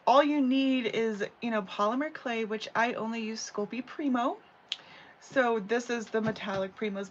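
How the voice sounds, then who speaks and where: A woman's voice: a little high, fairly bright tone. A woman hosting a casual live craft tutorial from home, chatting and rambling with lots of "you know" and "like". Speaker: craft channel host. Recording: slightly dull audio with faint background hum.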